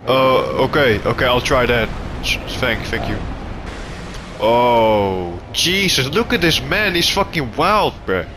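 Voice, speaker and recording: A man giving profane gameplay commentary, taunting enemies and shouting in frustration. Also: medium pitch, animated, takes it slowly, music in the background. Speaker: gaming YouTuber.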